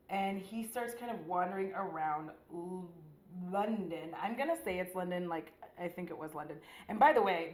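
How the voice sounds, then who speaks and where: Low-voiced woman rambling in an echoey room. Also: a little mellow. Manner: rambling, slangy and profane, with frequent "like". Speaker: beauty vlogger. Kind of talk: casual chat while doing makeup.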